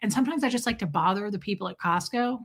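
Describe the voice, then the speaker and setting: A woman hosting a casual livestream, telling animated stories and greeting viewers by name. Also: medium pitch, fast, husky. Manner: animated storytelling, reads out viewer names. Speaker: livestream host.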